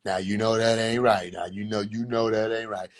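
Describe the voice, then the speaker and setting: A young man livestreaming from his phone, rambling in an animated, profane way and slipping into quoted voices. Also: on the low side, moderate pace. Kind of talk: rambling casual livestream monologue. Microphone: phone on a live stream.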